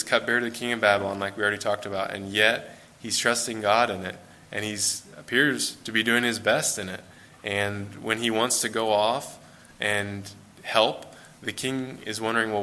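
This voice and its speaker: An American man delivers a sermon to a church congregation. His voice sits fairly low but has a bright, forward edge. He talks in a loose, conversational way, with fillers and restarts. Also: steady tone, normal speed, few pauses. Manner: conversational, with fillers and self-corrections. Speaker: preacher.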